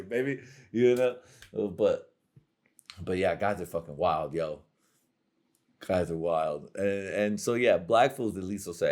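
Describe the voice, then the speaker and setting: A man's voice: sits low, slow pace, long pauses, a little mellow. A young adult man hosting his own show, rambling through a crude, profane comedic monologue full of slang and frequent laughter. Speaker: podcast host.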